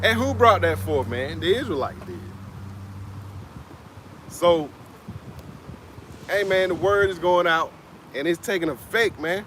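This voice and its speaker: A man's voice: high-pitched, expressive, measured pace, long pauses, a bit bright, slight background noise. A man preaching in a loose, conversational way outdoors in a city, often tacking "man" onto his sentences and chuckling now and then. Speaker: street preacher. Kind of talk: casual preaching talk. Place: outdoors in a city, Atlanta area.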